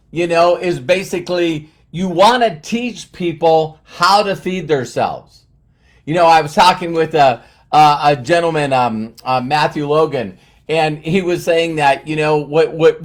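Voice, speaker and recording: A man hosting a live stream, chatting to viewers, greeting them by name and using lots of fillers. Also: on the high side. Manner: uses many fillers and repeats words. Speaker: livestream host.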